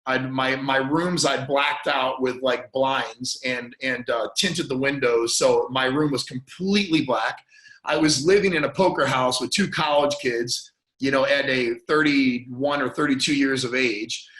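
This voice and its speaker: A man's voice: mid-range voice, measured pace, fairly bright tone. An earnest man tells a painful personal story as a podcast guest, stumbling through restarts and repeated words. His voice catches with emotion now and then. The sound has a roomy echo around it. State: choked up at moments.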